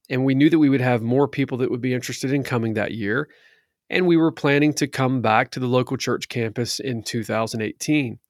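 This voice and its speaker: A church elder, a man, giving an earnest, measured account that stacks up lists for emphasis. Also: mid-range voice, dry recording, clean studio sound. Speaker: church elder and conference organizer. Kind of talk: reflective spoken account.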